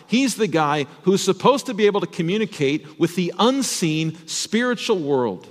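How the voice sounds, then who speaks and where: A man's voice: high voice, moderate pace, hardly any pauses, long reverb tail. A man, a pastor, telling a Bible story as a children's sermon and asking the children questions. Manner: animated, addresses children with questions.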